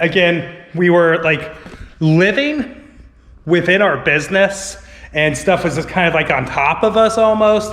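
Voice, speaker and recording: A man vlogging casually to camera, rambling with lots of filler words, his voice a little hoarse. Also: sits high, fairly bright tone. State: slightly hoarse. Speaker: vlogger and online reseller. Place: inside a house. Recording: echoey room with long reverb.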